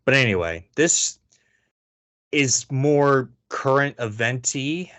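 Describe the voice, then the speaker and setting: A man talks through his opinions in a loose, rambling podcast chat, piling up fillers and restarts. His voice sits at an ordinary middle pitch. The sound is dry and close, with no room around it. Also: slow pace, no echo. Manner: rambling, filler-heavy, animated asides. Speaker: podcast co-host. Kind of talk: casual chat.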